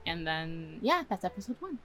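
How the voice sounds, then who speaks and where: A woman's voice: on the low side, very animated, moderate pace, bright, forceful tone, soft background music, low-quality recording. A young woman casually retelling and reworking story scenes, chatty and laughing often as she acts out bits of dialogue. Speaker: story reviewer.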